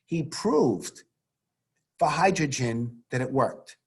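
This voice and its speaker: Animated male teacher, husky voice. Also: medium pitch, slow pace. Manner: animated, theatrical, rhetorical questions. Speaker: science teacher. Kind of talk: classroom lecture over video call. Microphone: video call.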